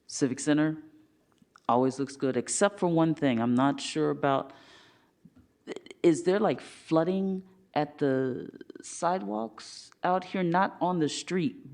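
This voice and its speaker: Man commissioner, slow-spoken, gravelly, loose and chatty. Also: medium pitch, a little mellow. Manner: casual, rambling. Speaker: parks commissioner. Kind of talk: public meeting report. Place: city council chamber.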